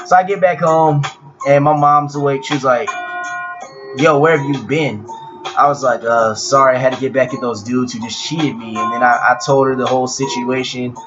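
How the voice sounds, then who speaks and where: A young man telling a personal story in a laid-back, profane way, with frequent restarts. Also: mid-range voice. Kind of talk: casual storytelling. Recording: dull lo-fi audio with clear music behind.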